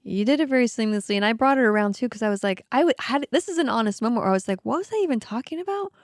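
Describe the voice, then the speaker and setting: A woman's voice: on the high side, rapid-fire, no room sound, studio quality. A woman, a yoga teacher and ceremony guide, telling a story in casual chat with many filler words. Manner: recounts events with many "like" fillers.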